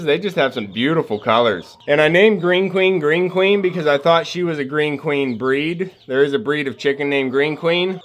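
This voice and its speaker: Chatty homesteader man talking to his animals. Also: a little high. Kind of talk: casual vlog talk to animals and camera. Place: outdoors on a farm. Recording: faint outdoor farm noise. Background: farm animals bleating.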